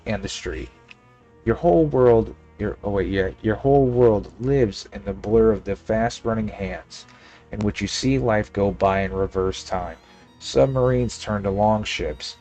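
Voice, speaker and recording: A man's voice: lowish voice, darkish tone. A man with a Southern US accent playing a game, reading the text aloud and joking. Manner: playful, reads narration aloud and jokes. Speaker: gaming channel host. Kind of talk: let's play commentary reading game text.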